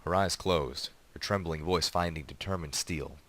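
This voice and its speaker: A man reads a story aloud in a steady, even voice. His pitch sits very low, and he holds a calm narrating pace. He reads alone as the narrator. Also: moderate pace. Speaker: reader. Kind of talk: reading a fan story aloud.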